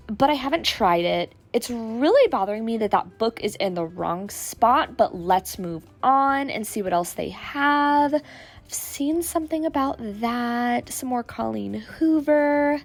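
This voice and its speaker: A woman's voice: fairly high pitch, moderate pace. Chatty woman with a cold. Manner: chatty and upbeat, excited gasps. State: sick voice from a cold. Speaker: book vlogger. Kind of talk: casual vlog voiceover. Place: recorded at home after the shopping. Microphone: voiceover mic.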